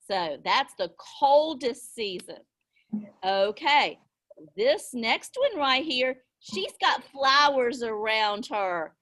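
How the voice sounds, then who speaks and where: Slow, high-voiced woman teaching small children. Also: fairly bright tone. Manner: slow, sing-song and encouraging, with gasps of delight. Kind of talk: online class lesson for young children. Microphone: video call.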